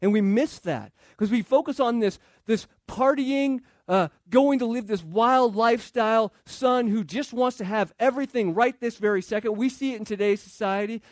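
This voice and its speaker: Casting note: male pastor, high voice, dry close sound, casual sermon delivery in a church. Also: no room sound. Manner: conversational, acts out quoted voices.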